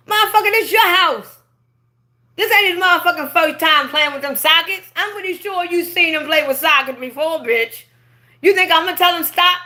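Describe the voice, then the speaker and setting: Woman livestreamer, late-night storytime; bright, sharp tone, animated and heavily profane delivery. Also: high-pitched. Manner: profane, emphatic, animated ranting. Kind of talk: casual late-night storytelling on a live stream.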